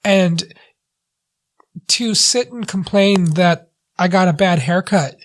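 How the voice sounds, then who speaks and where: A man's voice: sits high, takes it slowly. A man co-hosting a casual movie review podcast, earnest and self-deprecating, often restarting his sentences. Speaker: podcast co-host. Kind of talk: casual chat.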